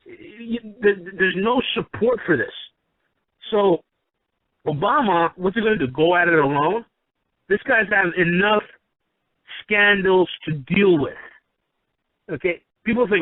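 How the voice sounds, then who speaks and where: A man's voice: high-pitched, measured pace, pauses often, no room sound. A man delivering an emphatic, rambling opinion monologue, often restarting his sentences. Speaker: commentator. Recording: tinny phone line, dry.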